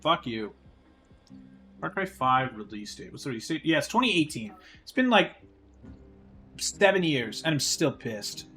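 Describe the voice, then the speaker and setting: A man's voice: a little high, sing-song, moderate pace, long pauses, sharp tone, faint music behind. A man streaming a game live, talking casually in a profane, ranting and exasperated way. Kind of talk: casual livestream chat while gaming.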